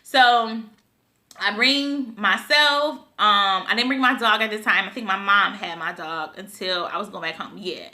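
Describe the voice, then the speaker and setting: A woman's voice: medium pitch, unhurried, bright, forceful tone. A young woman from Buffalo, New York, telling a casual storytime vlog to her viewers, chatty and emotional, often calling them y'all. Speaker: vlogger.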